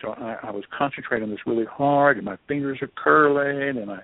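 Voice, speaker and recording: A man, an author guest in an interview, telling a story in an animated, self-deprecating way over a phone line. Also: mid-range voice, fast talker, dry recording. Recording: tinny dry phone line.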